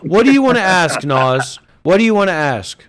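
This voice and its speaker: Male voice chat host, slightly high, crude and abrasive. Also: very animated, moderate pace, fairly bright tone. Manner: crude, swearing, insulting. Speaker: host of an online voice chat stage. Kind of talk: casual chat. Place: online voice chat.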